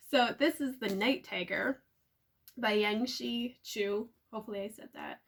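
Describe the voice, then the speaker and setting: A young woman talking casually and excitedly about the books she bought, with plenty of "um" and "like.". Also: mid-range voice, measured pace. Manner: chatty, filler-heavy, excitable. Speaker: book vlogger. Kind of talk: casual book haul chat. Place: at home.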